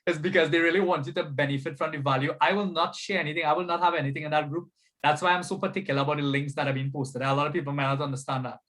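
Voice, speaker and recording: A man's voice: fairly high pitch, fairly even intonation, racing, a bit bright. A man, a spiritual coach hosting an online workshop over a video call, chatty and upbeat, often asking "right?". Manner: chatty, upbeat, repeats "you understand?" and "right?". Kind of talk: casual online workshop talk.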